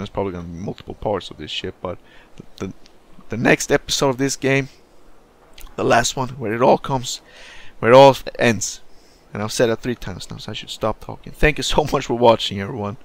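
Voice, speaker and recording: A man giving casual gaming commentary, rambling and swearing, often scolding himself. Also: medium pitch. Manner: profane, self-critical, rambling. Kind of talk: casual let's play commentary.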